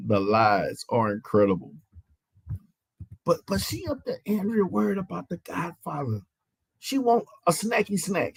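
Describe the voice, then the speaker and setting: A man's voice: sits high, creaky, slightly rough, no room sound. A man hosting an online panel, ranting in a mocking, profane way, stammering and repeating his phrases. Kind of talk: heated live-stream rant.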